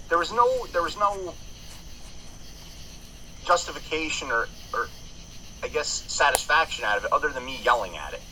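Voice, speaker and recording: A man's voice: a little high, lively intonation, fairly quick, long pauses, sharp tone, slight background noise, low-quality recording. A man in casual podcast chat, swearing freely and telling stories with frequent restarts. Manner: profane, rambling storyteller with many restarts.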